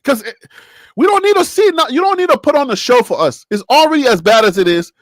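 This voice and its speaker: A man's voice: extremely high pitch, expressive, fast, dry recording. A man co-hosting a casual sports talk show, emphatic and laughing often as he lectures.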